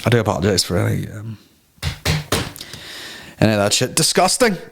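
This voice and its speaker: A man's voice: fairly low pitch, big pitch swings, a little fast, vocal fry, a bit bright, a little hiss or hum. A young man hosting a comedy podcast, crude and sarcastic, swearing often as he rants and mocks people in put-on voices. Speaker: podcast host.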